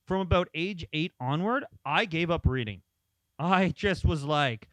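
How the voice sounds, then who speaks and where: A man's voice: fairly high pitch, expressive, measured pace, a bit bright, dry recording. A man co-hosting a casual chat show, rambling through stories and acting out quotes. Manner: rambling storyteller, acts out quotes. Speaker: podcast co-host.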